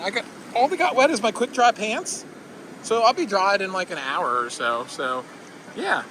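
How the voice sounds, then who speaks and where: A man from the northeastern United States vlogging outdoors at a theme park, excitable and whooping through a water ride. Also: high-pitched, unhurried. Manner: excitable, squeals and whoops on rides. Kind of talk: casual ride commentary. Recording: noisy outdoor park recording.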